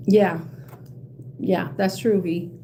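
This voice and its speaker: A woman's voice: lowish voice, steady tone, slow pace, vocal fry, dark tone, a little hiss or hum. A woman tarot reader chatting to her viewers in a blunt, heated rant, swearing freely and laughing often. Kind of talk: casual ranting chat to viewers.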